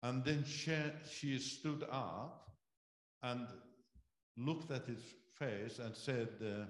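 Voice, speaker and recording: A man giving a sermon testimony as a guest missionary speaker, telling a story with animated delivery and acting out what people said. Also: mid-range voice, takes it slowly, roomy sound. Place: church.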